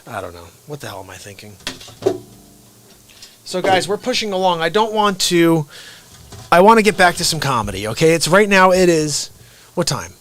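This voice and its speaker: A man's voice: a little high, big pitch swings, moderate pace, long pauses, a bit bright, a little hiss or hum. A man hosting a late-night comedy livestream, rambling casually and laughing at his own bits.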